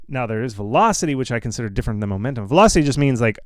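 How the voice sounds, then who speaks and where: A man hosting a casual live Q&A, blunt and reassuring, often repeating himself with quick asides. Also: medium pitch, expressive, dry recording. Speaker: host answering viewer questions.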